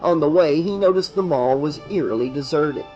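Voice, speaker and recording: Male audiobook narrator, slightly higher voice, steady reading, faint music bed. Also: normal speed, lo-fi sound.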